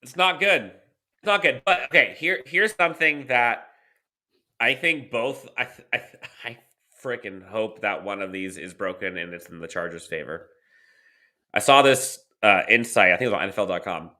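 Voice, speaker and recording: A man's voice: medium pitch, animated, moderate pace, pushed and bright. A man co-hosting a sports podcast, rattling off team stats in casual chat with dry laughs. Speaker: podcast co-host.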